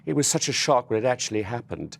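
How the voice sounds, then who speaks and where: Male studio guest, rambling and warm, mid pitch. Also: big pitch swings, quick pace, gravelly, a little hiss or hum. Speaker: studio guest, friend of the deceased. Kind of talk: emotional studio interview. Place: TV news studio.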